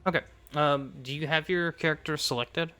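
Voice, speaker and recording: Bright-voiced man running the game. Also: on the high side, fairly even intonation, normal speed, clear, resonant tone. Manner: patient, walks players through software steps. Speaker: game master. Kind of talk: running a tabletop game over voice chat.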